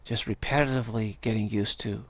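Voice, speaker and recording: An older man with a gravelly, husky voice gives a meditative spiritual teaching, speaking haltingly with frequent restarts and pauses. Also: on the low side, steady tone, no echo.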